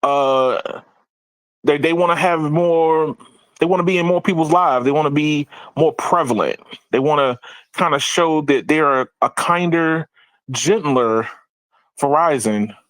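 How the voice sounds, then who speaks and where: A man hosting a casual tech podcast, animated, laughing often and repeating words as he talks. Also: a little high, clean tone, no room sound, rough recording. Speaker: podcast host.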